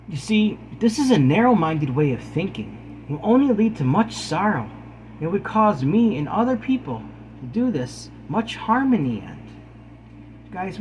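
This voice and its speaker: A man's voice: on the high side, a little mellow, a little hiss or hum, poor audio. A man giving an earnest, pleading talk to camera, calling his viewers guys and preaching kindness. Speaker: spiritual video host.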